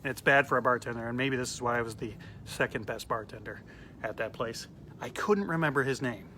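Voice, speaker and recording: A comedian telling a funny story in a casual, animated way, acting out the quoted lines. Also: male voice, mid-range voice, a little fast, a little hiss or hum.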